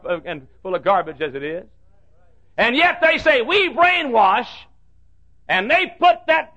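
A man preaching a fiery fundamentalist sermon, swinging from hushed asides to shouted warnings. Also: sits high. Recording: dull lo-fi old recording.

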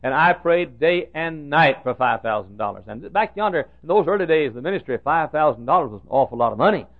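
An older male pastor preaching a sermon full of folksy stories, with a gravelly voice, swinging from loud preaching to hushed asides. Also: on the high side, animated, fast, no echo. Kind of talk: sermon with storytelling. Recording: tinny phone-like sound.

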